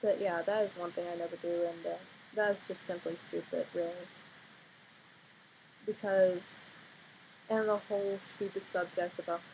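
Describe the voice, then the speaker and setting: A young woman in her teens vlogging casually at home late at night, sleepy and quiet, rambling with fillers and blunt outbursts. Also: fairly low pitch, fairly even intonation, normal speed, pauses often, a little hiss or hum, low-quality recording. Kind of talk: casual vlog monologue.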